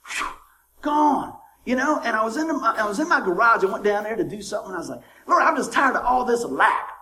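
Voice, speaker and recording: High-voiced man preaching a folksy sermon. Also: a bit bright, poor audio. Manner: calls for amens and chuckles at his own jokes. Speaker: pastor. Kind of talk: conversational sermon.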